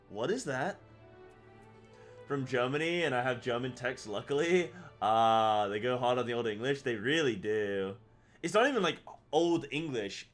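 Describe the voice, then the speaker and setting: A man commenting live on his game, talking loosely and excitably to his chat. His voice sits at a middling pitch, with some faint music in the background. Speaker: streamer.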